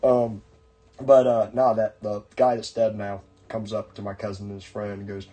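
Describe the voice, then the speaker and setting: A man's voice: on the low side, flat delivery, normal speed, mellow. A man hosting a podcast and telling a long story in casual chat, rambling with many fillers and restarts. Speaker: podcast host.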